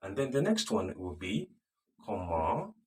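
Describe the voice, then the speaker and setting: A man teaching a recorded beginner French lesson, patiently repeating phrases slowly and checking in with the viewer. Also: fairly low pitch, very animated, distant mic.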